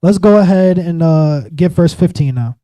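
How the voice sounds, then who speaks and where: A man teaching a Bible study in a casual, animated way, acting out the biblical figures in everyday slang. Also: fairly high pitch, normal speed, no echo, rough recording. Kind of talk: sermon-style Bible teaching.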